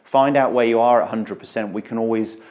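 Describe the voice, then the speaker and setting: A man who is a golf coach, explaining and demonstrating a drill in a relaxed, chatty way with frequent fillers, in an indoor golf studio. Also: mid-range voice, fairly quick. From England. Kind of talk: instructional video lesson.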